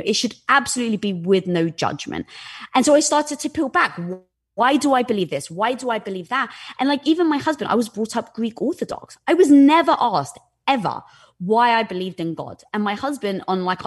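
A woman guest talking candidly and animatedly in conversation, with a lot of "like" fillers. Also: a little high. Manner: animated, lively, with frequent "like" fillers.

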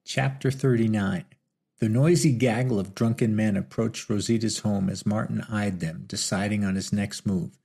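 Gravelly male audiobook narrator. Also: fairly low pitch, normal speed. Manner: steady, storytelling.

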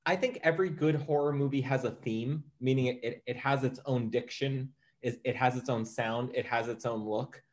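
A man with a mid-range voice co-hosts a casual conversation about films. He speaks deliberately, laying out his thoughts step by step. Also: mid-range voice. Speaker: podcast co-host. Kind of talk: casual film discussion.

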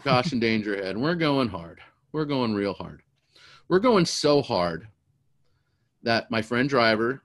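Storyteller, middle-aged man, animated and rambling, dry close sound. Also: fairly low pitch, dry recording. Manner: animated, rambling, repeats words. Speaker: storyteller guest. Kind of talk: casual storytelling.

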